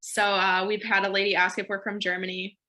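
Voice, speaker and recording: Young woman on a video call, bright tense tone, chatty and easygoing. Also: medium pitch, flat delivery, brisk. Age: young adult. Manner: chatty, laughs easily, many fillers. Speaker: student panelist. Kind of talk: casual panel chat.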